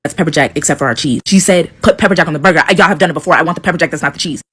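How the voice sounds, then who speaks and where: A woman quickly recounting a frustrating run-in with a customer in an exasperated, casual way. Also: deep voice, fairly bright tone, husky. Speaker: storyteller in a clip. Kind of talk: casual storytelling.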